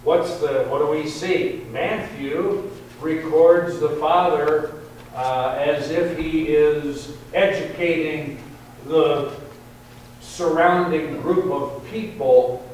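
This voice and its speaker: A man preaching a sermon, slow and deliberate, lifting his voice on quoted verses. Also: on the high side, steady tone, darkish tone. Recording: very echoey hall, distant mic, faint hum.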